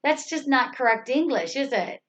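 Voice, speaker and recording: Here the teacher's high voice has lively intonation and a somewhat bright quality, moving at normal speed. She leads a slow English grammar lesson, patiently repeating examples and asking rhetorical questions, captured on a slightly dull lo-fi recording.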